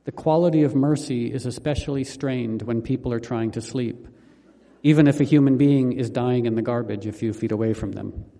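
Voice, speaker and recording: A man reading his own memoir aloud in a calm, measured, wry manner. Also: mid-range voice, vocal fry, long reverb tail. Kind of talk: memoir audiobook narration.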